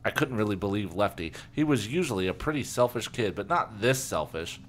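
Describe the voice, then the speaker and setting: A man's voice: fairly low pitch, expressive. A man co-hosting a comedy podcast, reading a children's book aloud with playful asides. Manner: playful, laughing, quick asides. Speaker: podcast co-host.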